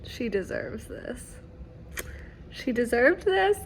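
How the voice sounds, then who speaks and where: A woman's voice: a little high, sing-song, slow, echoey room, slight background noise. A woman book vlogger reacting emotionally as she reads at home, laughing and near tears while talking to herself and the camera. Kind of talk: emotional reading vlog reactions.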